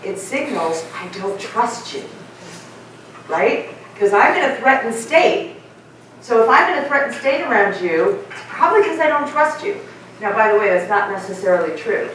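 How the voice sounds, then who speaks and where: A middle-aged woman delivers a keynote talk, keeping it lively with questions to her audience. Her voice sits a little high and rings around a big echoing conference hall, picked up from some distance. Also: normal speed, slight background noise. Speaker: keynote speaker. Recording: echoey hall, mic from far off.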